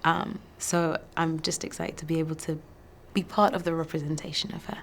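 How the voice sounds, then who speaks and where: A woman actor in a press interview, answering thoughtfully in a soft voice and laughing often. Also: deep voice, level tone, a little fast, a little hiss or hum. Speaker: actor promoting a film.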